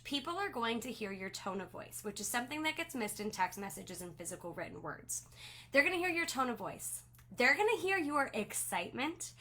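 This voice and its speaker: Upbeat, bright-voiced woman coaching. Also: a little high. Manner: upbeat, gushing, encouraging. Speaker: direct sales team leader. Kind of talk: coaching talk to her sales team.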